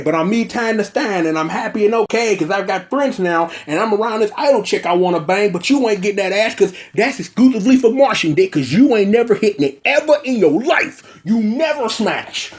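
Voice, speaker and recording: A man's voice: sits high, pitched above the performer's own voice. A man voicing a cocky, lovesick young man who talks in taunting street slang.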